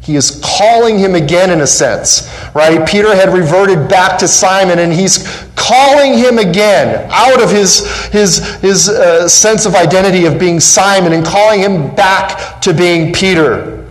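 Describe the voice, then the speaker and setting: A pastor with a high-pitched voice preaches a sermon in a church sanctuary at a measured pace with few pauses, his fervor building as he goes. His voice rises on questions and quotes, and he repeats phrases for emphasis. The recording quality is low.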